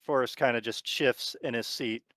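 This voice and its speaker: A man narrating as game master of a tabletop horror game, talking in a relaxed, rambling way with lots of fillers. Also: medium pitch, moderate pace, no echo.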